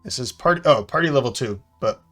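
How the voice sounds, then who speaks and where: A man's voice: mid-range voice, expressive, a bit bright, soft background music. Man musing aloud over a strategy game. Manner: hesitant, fills pauses with "uh". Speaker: game commentator. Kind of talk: thinking-aloud gameplay commentary.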